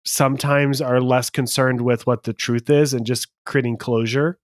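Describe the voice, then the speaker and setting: A man's voice: medium pitch, steady tone, normal speed, no echo, studio quality. A man co-hosting a movie podcast, chatty and rambling in casual talk. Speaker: podcast co-host. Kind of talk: casual chat.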